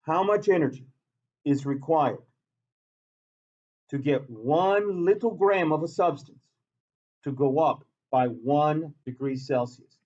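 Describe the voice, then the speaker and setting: A male science teacher lecturing a classroom in an animated way, with a fairly high voice and an unhurried delivery. He repeats points and calls on students. The recording is dull and lo-fi.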